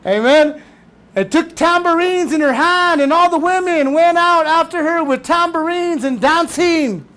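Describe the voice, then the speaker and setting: A male pastor preaching a sermon, animated and casual, with shouted bursts and playful mock voices. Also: extremely high pitch, a little slow. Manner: casual slangy talk.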